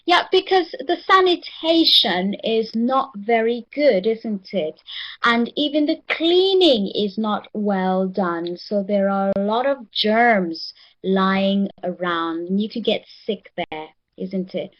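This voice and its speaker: Leading a pronunciation lesson in English, a woman of medium pitch repeats words slowly and encourages the class. The recording is muffled.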